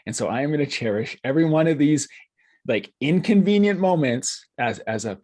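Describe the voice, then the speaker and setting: This podcast host is a man whose voice sits on the high side, with a darkish tone and an animated quality. He keeps the casual conversation upbeat, chiming in with quick, enthusiastic affirmations.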